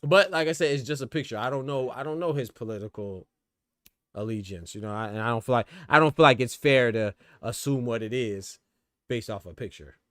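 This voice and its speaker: A man hosting a boxing livestream in relaxed, slangy talk, answering viewers from chat by name. His voice sits at an ordinary middle pitch. The sound is dry and close to the mic. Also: fairly quick, dry recording. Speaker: boxing commentary host.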